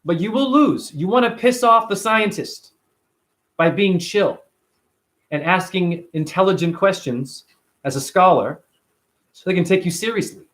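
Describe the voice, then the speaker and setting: A man talking straight to camera in a casual vlog, emphatic and animated, swearing now and then. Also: high-pitched, measured pace. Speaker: vlogger.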